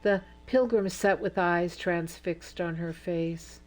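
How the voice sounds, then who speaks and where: Slow, low-voiced woman narrator. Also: soft background music. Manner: slow, measured storytelling. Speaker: audiobook narrator. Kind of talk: audiobook narration.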